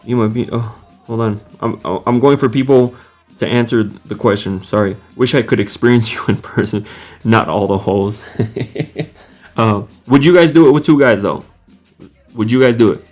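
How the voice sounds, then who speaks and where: A man's voice: mid-range voice, normal speed, a little mellow, soft background music. Laid-back man chatting on a live stream. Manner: greets viewers by name, laughs often, reads comments aloud. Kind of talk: casual live chat.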